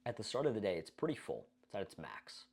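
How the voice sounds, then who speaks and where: A man's voice: fairly low pitch, huge pitch swings, fast, vocal fry, a little mellow, husky. A young man giving a blunt, profane, casual self-improvement talk, full of fillers and rhetorical questions. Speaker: self-improvement video creator. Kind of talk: casual monologue to camera.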